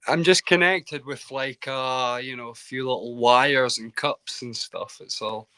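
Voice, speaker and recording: Bright-voiced Scottish man calling in. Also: medium pitch, fairly even intonation, unhurried, clean tone. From Scotland. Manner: chatty, self-deprecating, with many restarts. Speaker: caller. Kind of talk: casual football chat. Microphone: video call.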